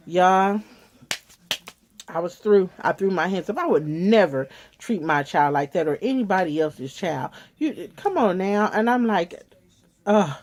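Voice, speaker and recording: A woman vlogger, telling a story straight to her viewers in an animated, casual way. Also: lowish voice, a little slow.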